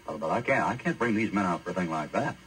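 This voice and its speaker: A preacher doing Lot as a folksy old host. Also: male voice, low-pitched, expressive, quick pace, a bit bright, a little hiss or hum, low-quality recording. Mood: pleading. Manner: drawling, neighborly, stammering.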